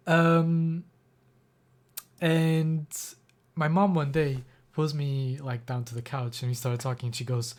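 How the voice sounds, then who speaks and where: A man's voice: a little high, steady tone, normal speed. A young man streaming live, telling a personal story in a rambling, emotional way with many fillers and restarts, close to tears. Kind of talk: casual livestream storytelling.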